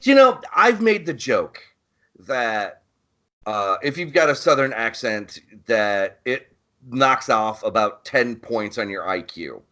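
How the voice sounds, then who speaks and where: A man's voice: medium pitch, very animated, slow, sharp tone. Rambling, profane male podcast co-host. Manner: rambling, profane, searches for words. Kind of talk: casual chat.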